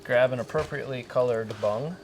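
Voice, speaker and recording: A man hosting a boatbuilding vlog, talking through the next steps of a job in a relaxed, methodical way. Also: mid-range voice, brisk, background noise. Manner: relaxed, methodical step-by-step talk. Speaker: boatbuilder host. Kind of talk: casual workshop explanation. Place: boat workshop.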